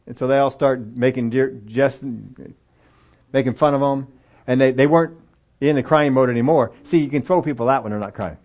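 A man's voice: mid-range voice, moderate pace, long pauses, darkish tone. An older man preaching a sermon, reading scripture aloud and breaking into folksy, self-deprecating asides. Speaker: pastor. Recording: dull lo-fi sound.

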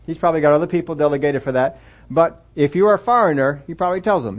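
A man's voice: on the high side, fast talker. A man preaching a sermon and reading from the Bible in a conversational way, asking his listeners rhetorical questions. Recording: dull lo-fi recording.

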